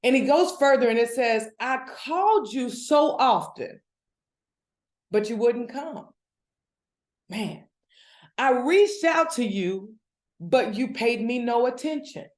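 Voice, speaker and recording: A woman delivers a devotional Bible teaching with animated, building excitement. Her voice sits fairly high. The recording carries a noticeable room echo. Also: slow pace, pauses often. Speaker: devotional speaker.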